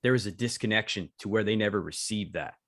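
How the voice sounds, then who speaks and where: A man with a lowish voice hosts a podcast in a soft-spoken, affirming way. He pauses with casual fillers as he builds his point. The sound is dry and close to the mic. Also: dry recording. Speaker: podcast host. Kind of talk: casual interview chat.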